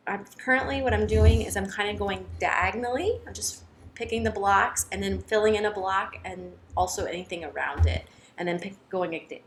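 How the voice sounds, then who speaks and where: A woman chatting casually to camera about her cross-stitch projects, excitable, with many fillers and restarts. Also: medium pitch, slight background noise.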